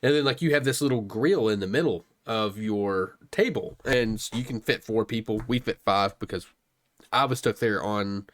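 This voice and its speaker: A man's voice: lowish voice, normal speed, fairly bright tone. Teasing, profane young man on a podcast. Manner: profane, teasing, laughs often. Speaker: podcast co-host. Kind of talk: casual podcast chat.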